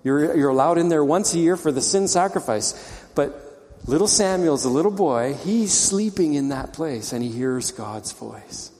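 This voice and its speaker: A man's voice: a little high, expressive, normal speed, a little mellow, big-room sound. A man pastor preaching a conversational sermon, explaining scripture and asking rhetorical questions.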